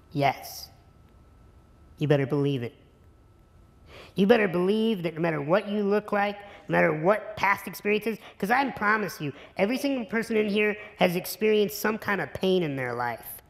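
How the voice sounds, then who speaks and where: Keynote speaker, male, gravelly, earnest and emphatic, reverberant hall. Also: high-pitched, expressive, normal speed. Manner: earnest, emphatic, builds to repetition. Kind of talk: inspirational speech. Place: conference hall.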